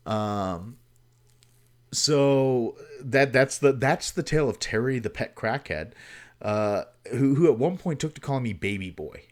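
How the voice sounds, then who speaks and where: A man's voice: mid-range voice, expressive, a little slow. A man hosting a livestream, telling a story casually and at length, with swearing and many fillers. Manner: rambling, profane, with many fillers. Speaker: livestream host.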